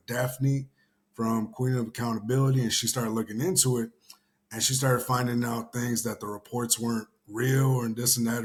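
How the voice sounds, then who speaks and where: Rambling, profane man from Houston. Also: mid-range voice. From Houston area. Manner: rambling, swears casually, many fillers. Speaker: show host. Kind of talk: casual commentary chat.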